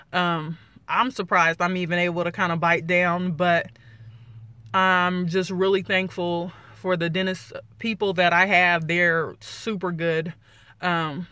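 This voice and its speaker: Excited lady vlogging, slight lisp, bright tense voice, dry close sound. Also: fairly low pitch, no room sound. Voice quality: slight lisp from new dentures. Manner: excited, chatty, many fillers. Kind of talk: casual vlog update.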